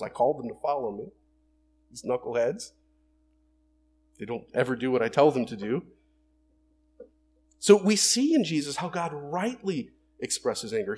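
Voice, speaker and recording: Male pastor, sermon, animated pitch, earnest and emphatic, faint hum behind. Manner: earnest, rising to emphatic bursts, acts out quoted lines.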